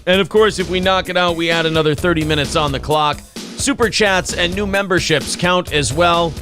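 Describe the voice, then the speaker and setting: Male host, brash and profane, slightly high voice, faint music behind. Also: normal speed. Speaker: podcast host. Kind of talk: casual live-stream chat.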